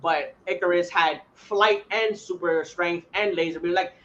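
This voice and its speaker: A man's voice: high-pitched, fairly even intonation, unhurried, fairly bright tone, muffled recording. A man co-hosting a podcast, swearing, laughing and repeating himself as he argues about a movie. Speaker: podcast co-host. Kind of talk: casual movie chat.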